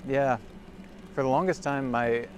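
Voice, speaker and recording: Slow-talking man in his forties. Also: medium pitch, steady tone. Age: 40s. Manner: rambling, self-amused, chatting with viewers. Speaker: livestreamer. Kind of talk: casual chat while riding. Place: outdoors on a cargo bike by a lake. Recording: outdoor ride with clear background noise.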